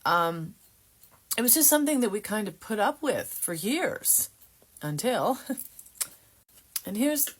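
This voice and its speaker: A woman sharing her personal Christian testimony in a halting way, with many fillers and restarts. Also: mid-range voice, sing-song.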